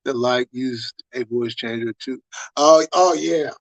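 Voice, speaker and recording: A man's voice: medium pitch, measured pace, creaky, no echo. Profane man hosting a livestream. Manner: profane, loose and rambling. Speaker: livestream host. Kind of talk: casual livestream chat.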